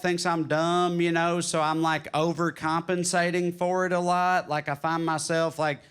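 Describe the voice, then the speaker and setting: A Southern-drawling man works a comedy club crowd, spinning wry stories in a fairly high voice. He talks into a handheld stage mic and slips into quick put-on quotes. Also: a bit bright, clear, resonant tone. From Tennessee. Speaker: stand-up comedian. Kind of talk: stand-up comedy set.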